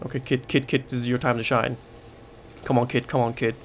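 A game streamer narrates a let's play in a mid-range, level voice, talking a little fast. He panics, swears, and cracks jokes to himself, with slight background noise in the recording.

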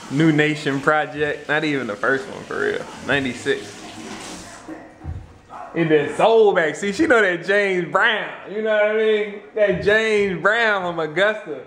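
A man's voice: fairly high pitch, fairly bright tone. A man hosting a casual home vlog, joking around in a playful way and now and then singing along. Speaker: vlog host. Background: gospel music playing faintly.

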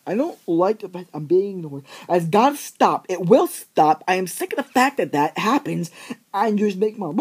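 A man's voice: a little high, breathy edge. A teenage guy vlogging, ranting in an exaggerated, rambling way with lots of fillers. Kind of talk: ranting vlog monologue.

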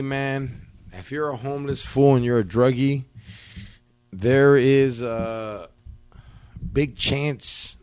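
A man's voice: mid-range voice, darkish tone, no echo. A man telling stories in a casual podcast chat, slangy and profane with a laid-back drawl. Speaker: podcast host.

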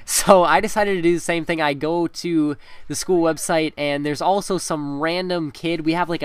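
This teenage gaming commentator chats through a school story while playing, laughing often and leaning on filler words. His voice is on the high side and smooth, and the recording is dry.

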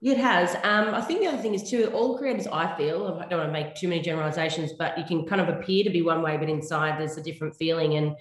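A woman on a panel shares encouraging, reflective advice. Her voice is low for a woman. The room around her is echoey. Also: fast, hardly any pauses. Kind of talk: casual panel talk. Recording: roomy echo.

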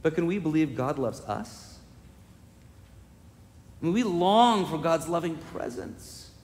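Slow, high-voiced pastor in a reverberant church. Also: male voice, animated, a little mellow. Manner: slow, emotional storytelling with swelling emphatic repetition. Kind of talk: sermon. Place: church sanctuary. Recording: long reverb of a church sanctuary.

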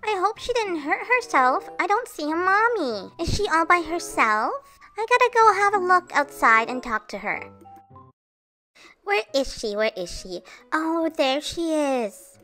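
A woman playing a kind girl doll in a doll play story, soothing and reassuring. The voice is very high and bright, with soft music underneath. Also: sing-song, measured pace, heavily acted.

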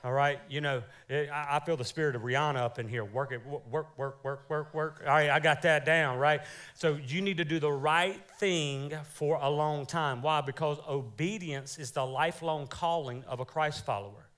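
A man preaching a lively, joking sermon in church as pastor, calling out for amens. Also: on the high side, normal speed, clean tone. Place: church sanctuary.

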